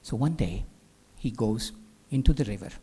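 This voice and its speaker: A man giving a spiritual talk as a teacher, telling a legend as an animated storyteller who drops into hushed whispers. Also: mid-range voice, normal speed, husky. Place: live talk venue.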